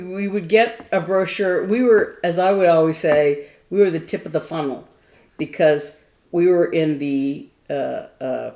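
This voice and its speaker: A woman's voice: low-pitched, darkish tone. A woman co-hosting a casual crafting chat, telling a rambling anecdote from an old job. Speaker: podcast co-host. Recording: roomy echo.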